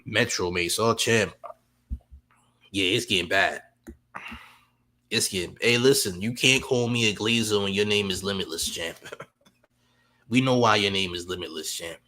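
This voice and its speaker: A man's voice: lowish voice, normal speed, long pauses, bright, forceful tone. A man hosting a livestream, teasing and trash-talking viewers in his chat while reacting to clips. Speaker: livestream host. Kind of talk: casual livestream commentary.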